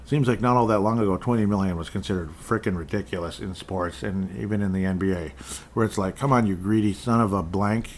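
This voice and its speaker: Male podcast host, lowish voice, digressive casual rant style with chuckles, faint room noise. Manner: rambling, self-interrupting, digressive; chuckles often, offhand ranting. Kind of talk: casual solo sports talk.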